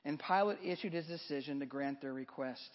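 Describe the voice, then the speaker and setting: A man giving a dramatic scripture reading, rising loud for the crowd's lines and dropping soft for the narration. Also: fairly high pitch, brisk, in a large hall, lo-fi sound. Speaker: scripture reader.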